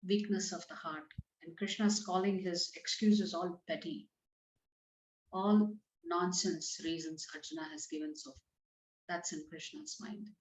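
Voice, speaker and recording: Speaking unhurriedly and fairly evenly, a woman with a lowish voice teaches scripture, translating verses into plain language as if chatting. Slight background noise sits under a roomy, slightly muffled recording.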